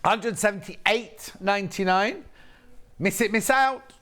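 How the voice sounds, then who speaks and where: A man's voice: high voice, takes it slowly, fairly bright tone. A man presenting live on a shopping channel, chatting as he points out each fabric and reads out viewer messages. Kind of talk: live TV sales demonstration. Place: TV studio.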